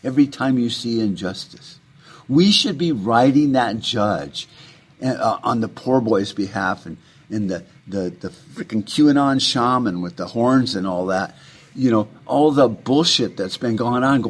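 A man's voice: medium pitch, lively intonation, a little slow, slightly rough. A man delivering an impassioned, rambling political rant, heated and full of profanity.

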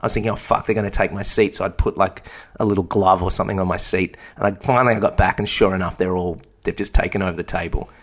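A man's voice: deep voice, fairly even intonation, quick pace. A young man co-hosting a casual chat, telling a rambling, self-deprecating story. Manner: rambling, self-deprecating, acts out quoted voices. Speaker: podcast co-host.

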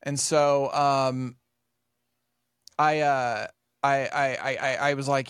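A man co-hosting a casual podcast, telling rambling stories full of swearing and animated retellings. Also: medium pitch, takes it slowly, pauses often, clear, resonant tone, dry recording, clean studio sound. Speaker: podcast co-host.

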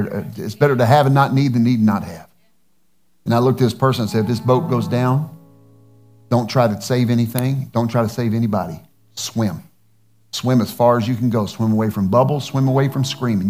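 Earnest pastor telling a story. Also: male voice, fairly low pitch, darkish tone. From United States. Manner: earnest storyteller acting out dialogue, with restarts. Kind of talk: sermon storytelling.

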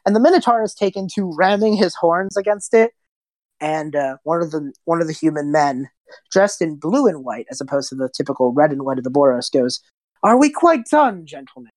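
A woman game master narrating a tabletop game in a casual, descriptive way. Her voice is low for a woman, and the sound is dry and close. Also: steady tone, fairly quick, darkish tone, no echo.

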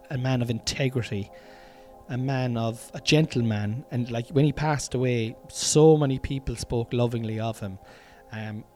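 Rambling, sweary Irish podcast host. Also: male voice, medium pitch, darkish tone. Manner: rambling, self-interrupting, sweary and chatty. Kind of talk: casual solo podcast monologue. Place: room at home.

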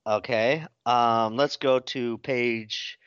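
A man co-hosting a podcast, chatting casually, laughing often and reacting loudly. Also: medium pitch, drawn-out words, smooth, no echo. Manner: lively, laughs easily. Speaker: podcast co-host. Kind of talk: casual comedic chat. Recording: dry, dull lo-fi sound.

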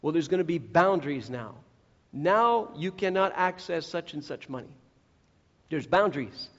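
A man's voice: fairly high pitch, animated, moderate pace. A man preaching a sermon, earnest and direct, who acts out the voices he quotes. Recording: echoey hall, dull lo-fi sound.

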